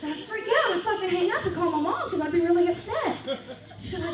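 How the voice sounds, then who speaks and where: A woman with a very high-pitched voice talks fairly quickly through a brash, profane stand-up routine, telling stories animatedly. She's captured from afar in an echoey club, the crowd laughing around her.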